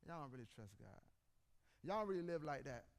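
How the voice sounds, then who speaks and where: A man in his 40s, a preacher, addresses the congregation directly in a conversational sermon, telling animated stories. His voice is gravelly and a bit high, with a brisk pace.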